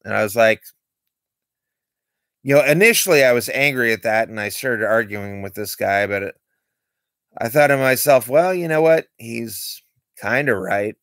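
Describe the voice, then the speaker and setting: A man talks on a late-night stream, wandering from one candid story to the next. His voice sits in a middle register with a gravelly, creaky texture, and the sound is dry and close with no room echo. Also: mid-range voice, normal speed, long pauses, a bit bright. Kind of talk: late-night livestream monologue.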